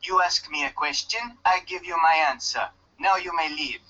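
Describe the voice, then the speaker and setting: A man's voice: fairly high pitch, normal speed, sharp tone. An actor with a put-on Jamaican accent playing a guarded loner fisherman stranded on an island, stiff and curt with no contractions, in dull lo-fi game audio. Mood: gruff.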